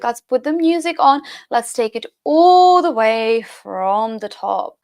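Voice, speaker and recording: A woman teaching a chair burlesque fitness class, counting beats aloud with encouraging, sing-song cues. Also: high voice. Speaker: dance fitness instructor.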